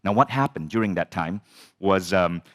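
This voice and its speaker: Animated low-voiced male storyteller. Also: moderate pace. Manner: animated, swears, acts out dialogue. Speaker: personal growth speaker. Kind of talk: storytelling talk.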